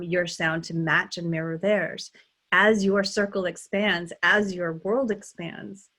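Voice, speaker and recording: A woman's voice: on the low side, a bit bright. A middle-aged woman, a dialect coach, talking casually in an interview, thinking aloud with frequent restarts and ums.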